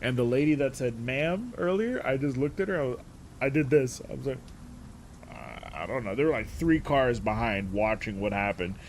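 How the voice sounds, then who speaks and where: A man casually telling a story, animated and profane, often breaking into laughter. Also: medium pitch, fairly quick, a little hiss or hum. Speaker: streamer.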